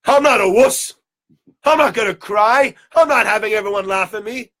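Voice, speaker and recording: A man's voice: fairly high pitch, fairly quick, gravelly, sharp tone, heavily acted. A man voicing a stubborn defendant. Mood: defiant. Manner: stubborn, insistent. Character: defiant man defendant refusing to cry.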